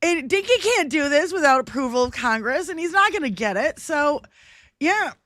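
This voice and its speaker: A woman's voice: sits high, expressive, moderate pace, a bit bright, no room sound, studio quality. A woman co-hosting a political livestream, chatting casually, mocking and laughing often. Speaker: livestream co-host.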